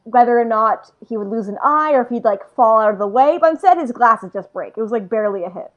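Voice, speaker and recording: Brief: fairly high-pitched woman, chatty podcast co-host, casual and rambly. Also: expressive, quick pace, lo-fi sound. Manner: chatty, thinks aloud with many "like"s. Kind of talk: casual chat recapping a manga chapter.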